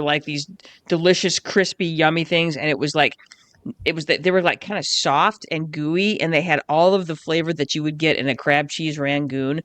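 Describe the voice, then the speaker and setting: A woman co-hosting a podcast in casual chat, animated and quick to swear when riled up. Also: sits low, dry recording. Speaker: podcast co-host.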